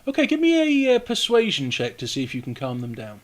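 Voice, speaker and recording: Brief: male game master, slightly high voice, vivid gory narration, quick rules asides. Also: wildly swooping pitch. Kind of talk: narrating a tabletop game over voice chat. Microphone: headset or desk mic on a voice call.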